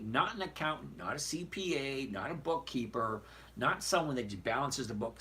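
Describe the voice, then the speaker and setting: A man's voice: medium pitch, fairly bright tone, a little hiss or hum. A man hosting a live trading stream, reading viewer questions aloud and bluntly talking through numbers on his screen. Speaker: trading show host answering viewer questions. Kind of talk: casual live stream chat.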